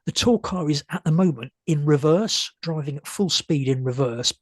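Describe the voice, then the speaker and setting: Man, history talk, hesitant with ums, losing his voice, raspy, dry sound. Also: fairly high pitch, normal speed, no room sound. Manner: hesitant, many ums and restarts. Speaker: speaker giving a talk.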